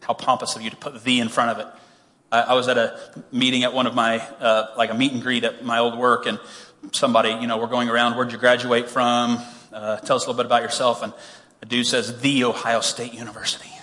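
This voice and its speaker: A man's voice: mid-range voice, level tone, brisk, bright, forceful tone, in a large hall. A man preaching a sermon, reading scripture and then explaining it in a conversational way, with humorous asides. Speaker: pastor.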